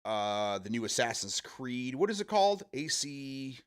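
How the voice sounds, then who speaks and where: A man's voice: medium pitch, very animated, measured pace, clean tone. A middle-aged man, hosting a casual live stream, rambling and chatty with self-amused laughs. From Michigan, USA. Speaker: streamer host.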